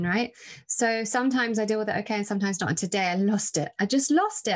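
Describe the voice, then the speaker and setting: A woman in her thirties hosting an interview, candid and chatty, getting animated when she tells a story. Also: mid-range voice. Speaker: podcast host, interviewer. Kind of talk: conversational interview.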